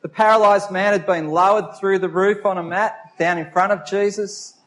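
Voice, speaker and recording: A man with a notably high voice talks to the children at a church service. He is lively and asks them direct questions. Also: normal speed.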